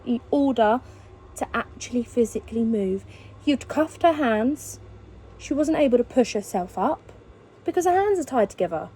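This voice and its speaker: A woman's voice: fairly high pitch, dark tone, slight background noise, rough recording. A woman speaking indignantly about how someone was treated, pressing rhetorical questions.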